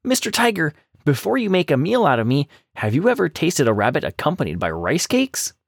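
Guy doing a sly little storybook rabbit, high squeaky voice, bouncy and cheeky. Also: wildly swooping pitch, a little fast, creaky, breathy edge, dry recording, clean studio sound, exaggerated voice. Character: clever quick-witted male rabbit trickster. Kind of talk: storybook narration.

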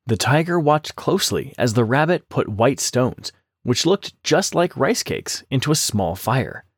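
A man narrating a children's storybook in a lively, expressive scripted reading. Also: medium pitch, measured pace, breathy edge, dry recording, clean studio sound.

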